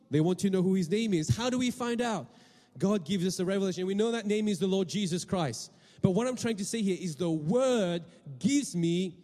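A man preaching a sermon in a fairly high voice, turning often to the congregation with questions. He repeats words and restarts phrases as he talks. The sound rings out with a long reverb in a hall. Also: warm tone. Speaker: pastor.

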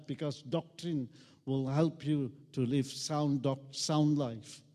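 A man's voice: on the high side, a little mellow. Preaching man in a reverberant hall. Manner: call-and-response preaching, rising to emphatic peaks. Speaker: pastor. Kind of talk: sermon. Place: church hall.

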